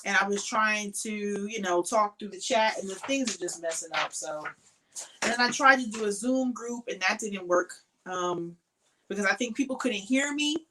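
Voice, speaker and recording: A woman's voice: medium pitch, moderate pace, sharp tone, a little hiss or hum, poor audio. A woman hosting a casual crochet livestream from her home craft shed, chatting to viewers by name, tired and sleepy, with frequent ums.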